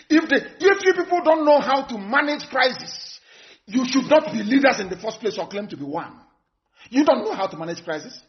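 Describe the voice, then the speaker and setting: Fiery high-voiced Nigerian man orating. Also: highs cut off. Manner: fiery, scornful, repeats phrases for emphasis. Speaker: political activist. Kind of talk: impassioned live broadcast speech.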